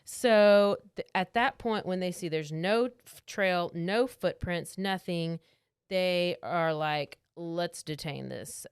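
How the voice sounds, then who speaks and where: A woman's voice: lowish voice, takes it slowly, smooth, no room sound, clean studio sound. A woman co-hosting a podcast, casually retelling a true crime story with lots of "like" and acted-out quotes. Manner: chatty storytelling, acts out quotes, many "like"s. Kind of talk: casual chat.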